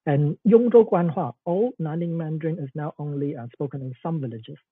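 Husky-voiced man lecturing over a call. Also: on the high side, a little fast, no room sound. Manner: explanatory, with frequent fillers and checks like "okay". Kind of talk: online academic lecture. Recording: tinny, dry phone-like call audio.

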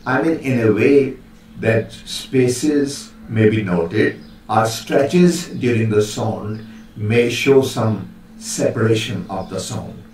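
Slow-speaking man lecturing in an echoey room. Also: fairly low pitch, darkish tone, distant mic. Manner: slow, hesitant delivery with many fillers, demonstrating pronunciations. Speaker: linguistics lecturer. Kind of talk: recorded lecture. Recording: very echoey room, voice a bit off-mic, faint hiss.

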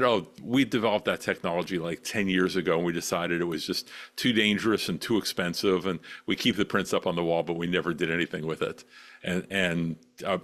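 A man on a video call, relaxed and anecdotal, recounting old industry stories. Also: low-pitched. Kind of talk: casual video chat.

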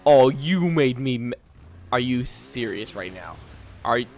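A man narrating his own gameplay at an ordinary middle pitch. He mutters encouragement under his breath, then bursts out in frustration at the game. His talk is loose and chatty, full of coaxing and complaints. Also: lively intonation, unhurried, vocal fry, slight background noise. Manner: talks to himself and the game, swinging between muttering and exasperated outbursts. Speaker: gaming channel host. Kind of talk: live gameplay commentary.

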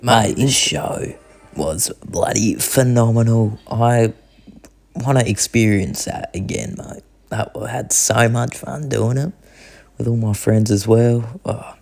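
Young man, low gravelly voice, slangy, casual vlog talk. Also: fairly even intonation, unhurried, a little mellow. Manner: slangy, says mate constantly. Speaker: vlogger.

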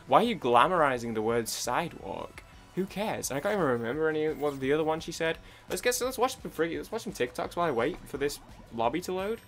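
A man's voice: on the high side, big pitch swings, brisk, a bit bright, faint music behind. British young man, gaming YouTuber, loose rambling commentary with lots of false starts. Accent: British English. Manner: rambling, full of restarts and idle humming.

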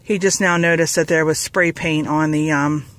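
A woman's voice: sits low, steady tone, normal speed, fairly bright tone, slight background noise, rough recording. A woman rambling casually in a haul vlog, with lots of fillers and restarts, a bit out of breath, outdoors in a parking lot. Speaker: vlogger.

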